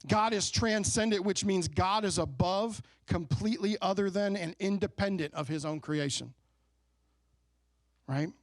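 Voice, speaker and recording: A pastor in his thirties delivers a sermon in an easy, chatty storytelling manner, often checking in with the congregation. His voice sits a little high for a man, and the sound is close and dry with almost no room echo. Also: measured pace. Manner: conversational storytelling preacher, asks the congregation questions. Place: church sanctuary.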